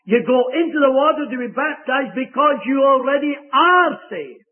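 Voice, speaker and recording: A man's voice: extremely high pitch, expressive, moderate pace. A man preaching a sermon in an emphatic, earnest way, on a tinny, phone-like recording.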